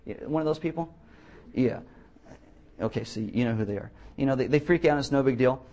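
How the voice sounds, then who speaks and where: A man's voice: mid-range voice, brisk, mellow, muffled recording. A man preaching a sermon as pastor of a church, telling blunt stories with jokes. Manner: blunt, joking storyteller. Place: church, before a congregation.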